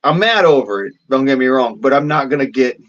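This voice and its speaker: A man's voice: mid-range voice, animated, brisk, a bit bright, dull audio. A man ranting in a vlog, swearing constantly in a blunt, rambling way with folksy slang. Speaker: vlogger.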